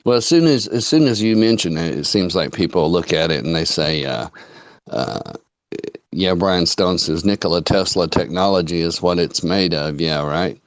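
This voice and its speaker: A man's voice: low-pitched, lively intonation, moderate pace, dry recording. A man hosting a casual online chat, telling folksy stories and acting out what people said. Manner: folksy storyteller, quotes people in dialogue.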